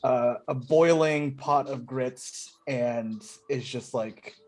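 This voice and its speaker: A man in a tabletop session speaks slowly and at an unhurried pace. He thinks aloud while laying out his character's actions. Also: mid-range voice. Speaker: player.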